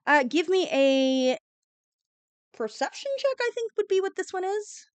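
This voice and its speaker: A woman's voice: very high voice, measured pace, no room sound. A woman narrating a fantasy tabletop game as game master, rambling with many fillers. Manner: rambling, filler-heavy, animated.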